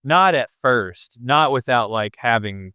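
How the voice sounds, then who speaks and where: Male podcast co-host, dry easygoing delivery, smooth resonant voice, dry close recording. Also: medium pitch, lively intonation, takes it slowly, bright, forceful tone, dry recording. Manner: laid-back and dry, with filler "like". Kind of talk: casual chat.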